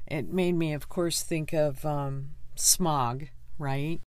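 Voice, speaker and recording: A woman's voice: low-pitched, steady tone, slow pace, darkish tone, no echo. A woman hosting a storytelling podcast, chatting in amused asides before the reading. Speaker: podcast host. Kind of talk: casual commentary.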